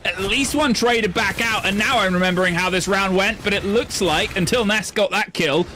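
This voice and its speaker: A man's voice: high voice, normal speed, pushed and bright, slight background noise. A man casting an esports match, rambling and self-deprecating between plays. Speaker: esports caster. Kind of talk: play-by-play commentary.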